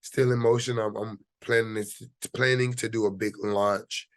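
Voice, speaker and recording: A man's voice: on the low side, flat delivery, unhurried, a bit bright, no room sound. A man guest in an interview, talking casually and telling his story with lots of fillers. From United States. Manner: easygoing storytelling, many fillers. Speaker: actor guest.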